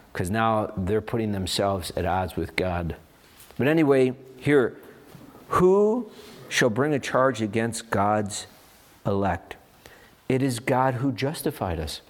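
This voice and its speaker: A man preaching a sermon as pastor, animated and expressive, voicing little asides and firing rhetorical questions. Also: on the low side.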